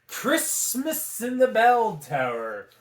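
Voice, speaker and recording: A man hosting a casual read-aloud vlog, animated and jokey, in an echoey room. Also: high voice, measured pace. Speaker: storybook reader.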